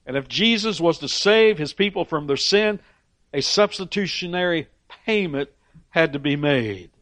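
Guy preaching a sermon, kinda high voice, pushes up loud on the big lines, dry sound. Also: expressive, normal speed, no room sound. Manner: emphatic, rises in pitch on key phrases, repeats words when restarting. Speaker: pastor.

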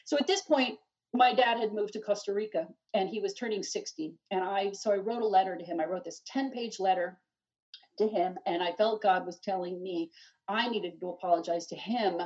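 Woman guest, earnest testimony; husky, dull distant lo-fi recording. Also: medium pitch, normal speed, darkish tone. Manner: earnest, with frequent restarts. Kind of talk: emotional personal testimony.

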